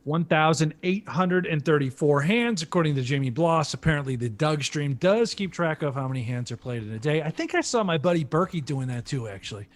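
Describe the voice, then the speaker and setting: A man's voice: a little high, lively intonation, fairly quick, hardly any pauses. A man commentating a live poker stream, chatty and joking, thinking aloud between hands.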